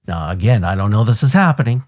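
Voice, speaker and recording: A deep, low-pitched American man in his fifties tells a story from his years as a police officer. He is blunt and animated, swears casually, and acts out the sounds of the scene. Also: fast talker. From United States. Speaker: podcast host, retired police officer. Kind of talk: conversational storytelling.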